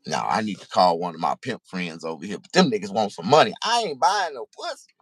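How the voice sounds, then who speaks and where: A man's voice: fairly low pitch, big pitch swings, fairly quick, husky, no echo. A middle-aged man in a casual, profane, rambling monologue, talking confessionally to the camera. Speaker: vlogger.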